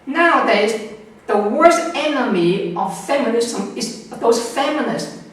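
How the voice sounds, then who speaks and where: A man's voice: very high voice, animated, slow, a bit bright. A man giving emphatic, lecturing answers in an interview, often repeating words and restarting. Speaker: interviewed scholar. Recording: echoey room, distant mic, faint noise.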